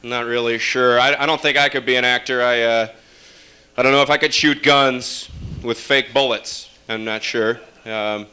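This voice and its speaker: A man from upstate New York doing a stand-up set in a bright, clear voice. He rambles through his bits with wry, deadpan asides and plenty of fillers. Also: mid-range voice, moderate pace. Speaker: stand-up comedian.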